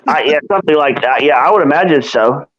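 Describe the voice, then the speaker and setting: A man's voice: on the high side, expressive, fast, fairly bright tone, dull audio. A man co-hosting a live stream in a rambling, casual way, with many restarts. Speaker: co-host.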